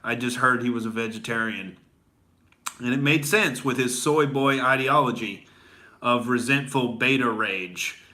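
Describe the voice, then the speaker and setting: A man's voice: mid-range voice, measured pace, bright, forceful tone. A young adult man doing a comedy rant as a boastful gym bro, rambling with lots of "dude" and "all right?". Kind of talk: stand-up style comedy rant.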